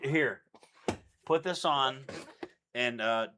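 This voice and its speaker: A man's voice: medium pitch, drawn-out words, bright, forceful tone, a little hiss or hum. A young man hosting a casual livestream chat, joking and laughing easily. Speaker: streamer host.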